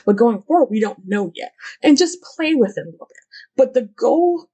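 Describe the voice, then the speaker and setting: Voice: medium pitch, animated, moderate pace, dark tone, husky, low-quality recording. A YouTube host giving casual fan commentary, talking in a rambling way, with many fillers and the odd curse word.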